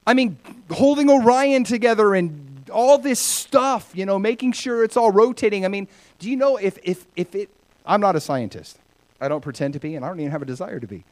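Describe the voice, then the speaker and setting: Guy preaching a sermon, casual and chatty, voice jumps all over, goes big then real quiet. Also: high-pitched, brisk. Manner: animated, conversational preaching that swings between loud and hushed. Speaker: pastor.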